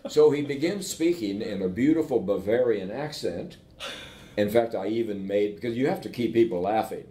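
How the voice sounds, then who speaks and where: Speaking with entrepreneurs as an invited guest, a male professor shares lively stories at normal speed, repeatedly asking his listeners "okay?" as he goes. A faint rumble and roomy echo fill the recording.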